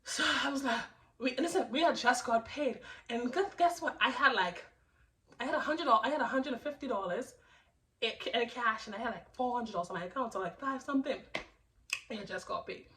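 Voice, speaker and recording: A young woman vlogger telling a storytime, animated and laughing, with lots of restarts. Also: a little high, brisk, distant mic, poor audio. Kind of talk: storytime narration.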